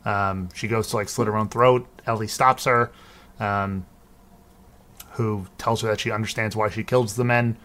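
A man's voice: fairly low pitch, fairly even intonation, normal speed, fairly bright tone. Rambling man recapping a film. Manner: rambling, lots of ums and restarts. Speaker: podcast co-host. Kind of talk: casual film recap chat.

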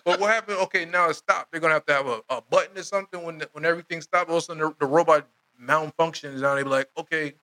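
Excitable joking man, bright voice. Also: a little high, racing. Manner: animated, joking, laughs often, street slang. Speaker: podcast host. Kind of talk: casual chat.

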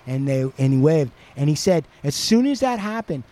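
A man hosting a podcast, retelling a story in a casual, profane, animated way. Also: on the high side, normal speed. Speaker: podcast host.

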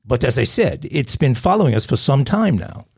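A man putting on a British accent and a higher voice to play a flustered, rambling caller who is worried about trivial things. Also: very animated, moderate pace, creaky, darkish tone, husky, full character voice. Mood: fretful. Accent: put-on British.

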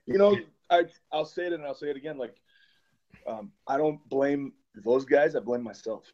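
A man's voice: on the high side, normal speed, darkish tone, highs cut off. A man guesting on a podcast, speaking candidly and reflectively in casual conversation. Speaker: podcast guest, former wrestler.

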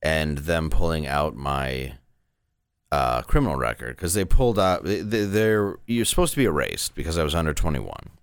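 A man's voice: rumbling low, lively intonation, normal speed, creaky, clear, resonant tone, no echo, clean studio sound. A man in his thirties, a stand-up comedian, telling candid, rambling stories in a casual interview.

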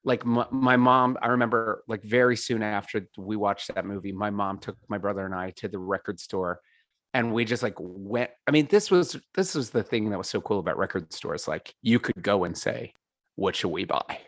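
A man's voice: lowish voice, moderate pace, a bit bright, no room sound, clean studio sound. A man telling stories in a casual interview, rambling with lots of fillers, laughing and swearing. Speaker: podcast guest, singer.

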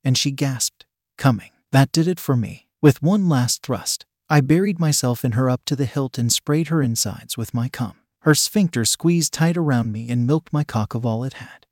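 A man narrates a first-person adult story at an even, deliberate pace. His voice sits in a middle register. The recording is close and dry, with no room around it. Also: mid-range voice, no echo.

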